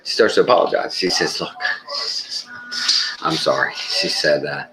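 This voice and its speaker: A Texan man with an extremely low, deep voice spins an unhurried story for his live stream. He pauses and restarts often, filling gaps with "uh," and a faint ambient hum sits behind him. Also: steady tone. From Texas. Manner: halting, unhurried, full of "uh" pauses.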